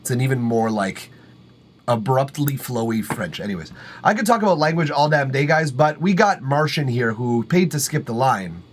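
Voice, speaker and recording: A man from Canada hosting a live music-review stream. He chats casually and rambles loosely, swearing freely, using lots of fillers, and laughing at his own remarks. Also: mid-range voice. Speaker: livestream music review host. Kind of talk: casual livestream chat.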